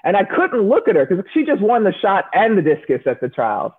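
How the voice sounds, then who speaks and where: A woman's voice: mid-range voice, a little fast, breathy edge. A woman, a former Olympic shot putter, telling stories in an interview and acting out the voices of the people in them. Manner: animated storyteller, acts out quoted voices. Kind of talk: storytelling interview answers. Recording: narrow phone-like sound.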